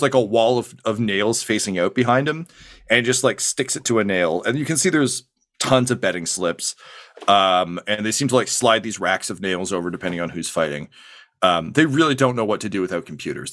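A man's voice: lowish voice, fairly bright tone. A man narrating a tabletop game as game master, casual and rambling with many fillers.

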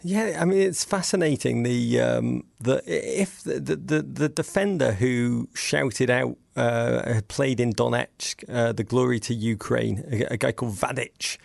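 A man with an English accent tells his stories with animation, often breaking off and starting his sentences again. His voice is heavily gravelly and full of fry. He is recorded dry and close, with no room sound. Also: mid-range voice, a little slow, hardly any pauses, dry recording. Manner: animated storyteller, frequent restarts. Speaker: podcast guest. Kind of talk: casual chat.

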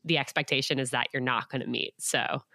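A woman hosting a casual interview, conversational and quick with short reactions. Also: extremely low pitch, fairly even intonation, vocal fry, pushed and bright, dry recording, studio quality. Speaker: host.

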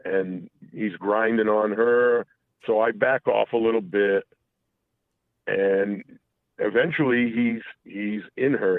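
Male caller, low and gravelly, on a thin phone line; halting, profane storyteller. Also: no room sound. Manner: halting, full of restarts and profanity. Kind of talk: casual confessional storytelling.

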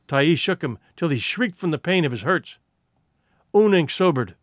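Expressive, high-voiced male storyteller. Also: moderate pace, dry recording, studio quality. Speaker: audiobook narrator. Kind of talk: scripted narration.

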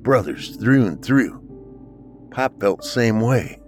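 A man voicing a grieving ex-military brother who speaks earnestly and then in crisp commands. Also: medium pitch, lively intonation, slow pace, soft background music, pitched above the performer's own voice. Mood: tender grief.

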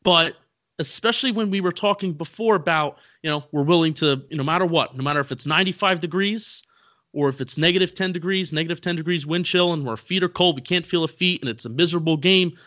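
A man's voice: on the high side, fast talker, pushed and bright. A man co-hosting a podcast, rambling casually and poking fun at himself. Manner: rambling, self-deprecating. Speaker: podcast co-host. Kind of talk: casual chat.

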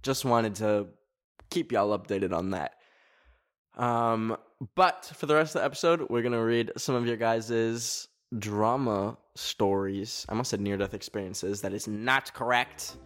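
A man's voice: fairly low pitch, unhurried. A man hosting a casual chat show from his garage, rambling with lots of fillers and poking fun at himself, sweaty in the summer heat. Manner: rambling, filler-heavy, self-mocking. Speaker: podcast host.

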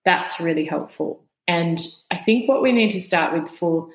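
A woman's voice: lowish voice, moderate pace, roomy sound, poor audio. A woman guest on a podcast, patiently explaining ideas and sometimes demonstrating how voices sound. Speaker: podcast guest, vagus nerve educator.

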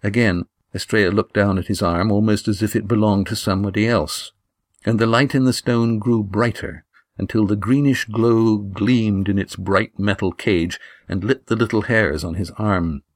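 A man reading a novel aloud as narrator, in a measured, even delivery. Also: on the low side, no room sound, studio quality. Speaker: audiobook narrator. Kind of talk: scripted narration.

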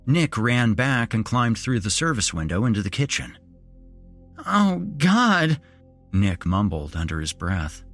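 A man's voice: on the low side, breathy edge. A man telling a first-person horror story, dramatic and moving between wry asides and tension.

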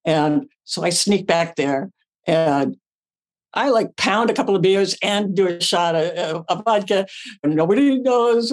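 Older actress guest telling stories, lively, laughs easily, acts out her lines. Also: fairly low pitch. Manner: animated, acts out her own quotes, laughs often. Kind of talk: casual anecdote telling.

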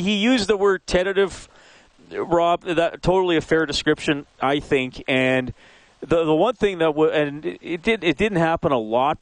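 Sports radio host dude, jokes with callers, dry close studio mic, mid voice. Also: male voice, medium pitch, smooth, no echo. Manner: friendly, jokey with callers. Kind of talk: sports talk radio hosting. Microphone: studio microphone.

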